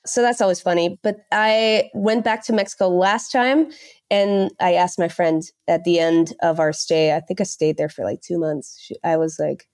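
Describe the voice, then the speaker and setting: A young woman from the Netherlands, chatting as a podcast guest in an animated, laughing storytelling way. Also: on the low side, normal speed. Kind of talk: casual interview chat.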